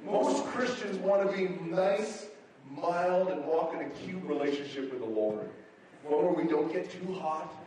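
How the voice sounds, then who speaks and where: A man with a high voice preaches a sermon in a very echoey hall, heard from some distance off the mic. He tells stories animatedly and acts out his own reactions as he goes. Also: animated, unhurried, a little mellow, a little hiss or hum. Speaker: pastor.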